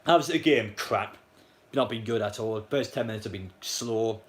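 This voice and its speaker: A man's voice: lowish voice, moderate pace. A young man, chatting casually and bluntly on a live stream, rambling with many fillers and restarts. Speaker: live stream match commentator.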